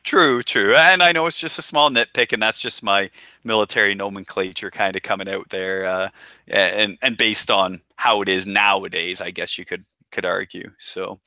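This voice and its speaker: A man's voice: on the low side, fairly even intonation, normal speed, sharp tone, no echo. A man co-hosting a podcast, chatting casually about an episode and talking with plenty of restarts and military jargon. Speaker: podcast co-host. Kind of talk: casual chat.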